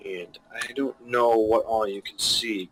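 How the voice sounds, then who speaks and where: A man narrating as game master of a tabletop game, describing scenes haltingly with many restarts, while he has the hiccups. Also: on the low side, steady tone, a bit bright, poor audio.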